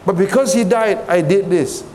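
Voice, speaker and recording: A man's voice: high voice, normal speed, darkish tone, long reverb tail, a little hiss or hum, natural voice. A man voicing a gloomy middle-aged man who mumbles mournfully about his marriage.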